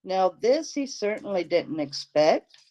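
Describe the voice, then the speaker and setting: A woman reading a novel aloud, telling the story in a steady, deliberate way. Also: mid-range voice. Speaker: audiobook reader, channel host.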